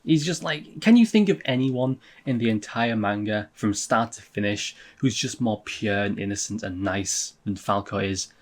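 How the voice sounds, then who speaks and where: A man reading a manga chapter aloud and reacting casually, swearing and laughing often, and getting louder and higher when amused. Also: moderate pace, few pauses.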